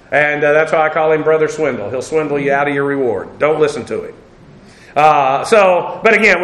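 A man teaching a Bible class as pastor, unhurried and conversational, with frequent pauses and dry asides. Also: on the high side, fairly bright tone, roomy sound, rough recording.

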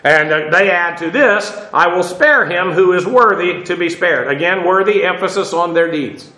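Male Bible teacher, high voice, echoey room, unhurried with frequent fillers. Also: sharp tone. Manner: unhurried, with many "uh" fillers and rhetorical questions. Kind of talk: Bible study lecture. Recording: roomy echo.

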